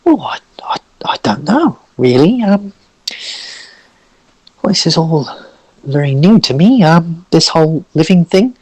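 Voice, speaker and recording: A man's voice: fairly high pitch, big pitch swings, a little slow, long pauses, a little mellow, husky, dry recording, pitched above the performer's own voice, exaggerated voice. A man voicing a shy, newly awakened male rock golem who stammers and apologizes.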